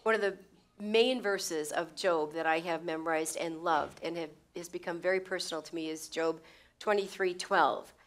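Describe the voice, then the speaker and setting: A woman's voice: fairly low pitch, fairly even intonation, moderate pace. A woman teaching a Bible lesson in a conversational way, repeating phrases for emphasis and checking in with her listeners. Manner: conversational, with stumbles and restarts.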